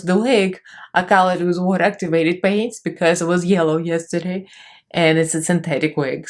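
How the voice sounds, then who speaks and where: A young woman with a Russian accent chatting casually through a makeup tutorial, laughing often and talking in loose, easy phrases. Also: fairly low pitch. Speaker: makeup vlogger.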